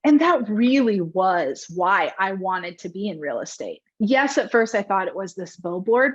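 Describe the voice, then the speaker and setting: A woman's voice: mid-range voice, breathy edge, highs cut off. A woman in her thirties, a realtor and podcast guest, candidly telling her career story with lots of likes and ums.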